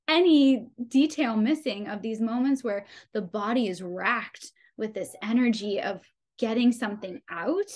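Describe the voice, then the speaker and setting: Young woman, podcast guest, personal birth story, lively storytelling, fairly high voice. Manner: animated storytelling, laughs often, acts out dialogue.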